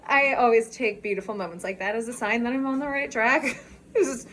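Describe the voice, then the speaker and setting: Filmed on a phone during an outdoor walk, this vlogger has a fairly high voice and talks briskly, with slight background noise. She's bubbly and excitable, a little out of breath, and keeps breaking into laughter as she chats.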